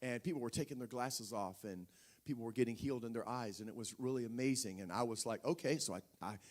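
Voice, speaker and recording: A man's voice: mid-range voice, fast talker, darkish tone. A male preacher telling a personal story in a sermon, talking conversationally with frequent restarts and fillers.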